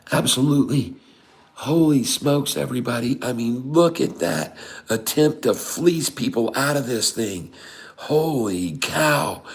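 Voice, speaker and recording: A middle-aged man giving excited, folksy live commentary on trading charts, full of exclamations and constant asides to his viewers. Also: mid-range voice. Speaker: day-trading streamer.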